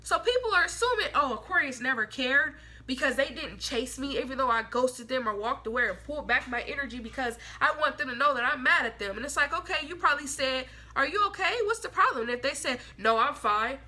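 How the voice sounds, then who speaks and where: A young woman gives a loose, talkative tarot reading in a high, very bright voice. She speaks bluntly, swears casually, uses plenty of slang and slips into little voices for the people she quotes. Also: animated, brisk, few pauses. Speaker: tarot reader.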